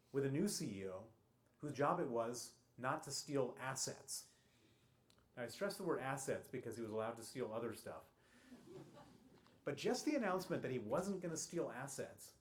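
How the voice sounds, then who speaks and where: Man telling a story at a lecture. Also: mid-range voice. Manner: emphatic, punchy storytelling with dry humour and frequent restarts. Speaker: guest speaker at a public talk. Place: college lecture hall.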